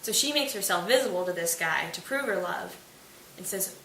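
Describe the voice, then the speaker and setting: A woman's voice: on the low side, animated, normal speed, pushed and bright. A woman hosting a casual lesson, explaining a play's plot in a chatty way with playful asides. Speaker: host. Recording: roomy distant mic with hiss.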